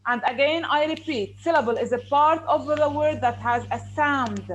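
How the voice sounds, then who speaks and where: High-voiced woman teaching. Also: moderate pace, dull audio, slight background noise. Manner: repetitive, questioning, firm. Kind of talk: online English lesson. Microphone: video call.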